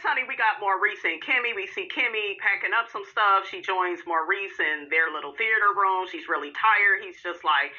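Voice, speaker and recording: A woman hosting a reality TV recap, sassy and animated, calling her listeners honey and girl. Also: medium pitch, lo-fi sound. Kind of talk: casual recap commentary.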